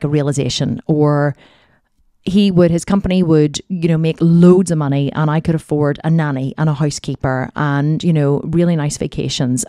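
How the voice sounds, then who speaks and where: A woman's voice: low-pitched, mellow, no echo, clean studio sound. A woman podcast host telling a candid personal story, rambling and heartfelt, with lots of fillers.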